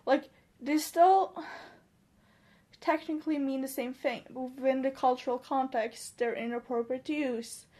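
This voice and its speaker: A woman's voice: sits high, a little mellow. A young woman from Norway, speaking English as a second language with an accent that mixes American and British, rambling and joking at herself while tipsy late at night. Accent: Norwegian-tinged mix of American and British English. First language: Norwegian. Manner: rambling and self-mocking, trailing off and restarting. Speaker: vlogger.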